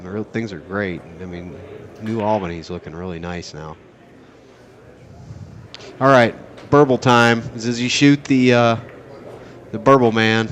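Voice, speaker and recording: A man commentating a pool match in a casual play-by-play style, excitable and joking, wandering into rambling asides. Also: lowish voice, a little hiss or hum. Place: at a pool tournament venue.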